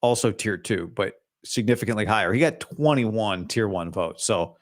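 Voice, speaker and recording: A man's voice: on the low side, lively intonation, moderate pace. A man hosting a solo sports talk show, opinionated and hedging, with frequent restarts.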